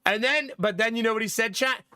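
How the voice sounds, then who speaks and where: A man's voice: very high-pitched, brisk, sharp tone, smooth, no room sound, clean studio sound. A young man casually telling family stories to his stream chat, laughing often as he goes. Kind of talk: casual storytelling to live chat.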